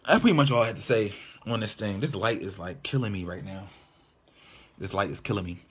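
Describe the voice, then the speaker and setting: A man's voice: lowish voice, brisk, a little hiss or hum. A man, a mime minister, venting candidly and from the heart in a personal video monologue from his apartment, often repeating his phrases. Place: apartment room with white walls.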